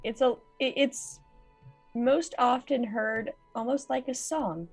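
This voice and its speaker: A gentle, patient woman bard in a tabletop game, her signed words spoken slowly by a woman with a fairly high voice. Faint music sits in the background. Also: gravelly, breathy edge, exaggerated voice. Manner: slow, plain reading of signed words.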